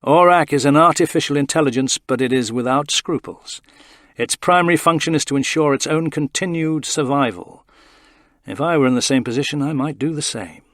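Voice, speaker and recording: A man's voice: fairly high pitch, fairly bright tone, no room sound, pitched above the performer's own voice, natural voice. Brief: detached, cold-hearted male technician, level and dry, read by a man. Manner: cool, measured, detached.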